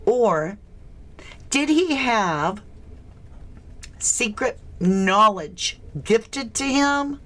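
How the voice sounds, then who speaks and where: A woman's voice: on the high side, animated, drawn-out words, pauses often, a bit bright. A woman from the States, hosting a casual true crime livestream, chatty and questioning as she greets viewers. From southern United States.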